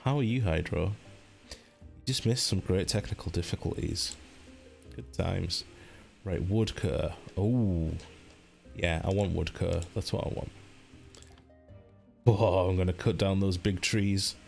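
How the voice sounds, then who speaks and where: Deep-voiced man chatting through a game. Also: unhurried, gravelly, long pauses, a little mellow, faint music behind. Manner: chatty, joking, reads chat aloud; playful pitch jumps, hums and sings to himself. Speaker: let's play host. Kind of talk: live-streamed gameplay commentary.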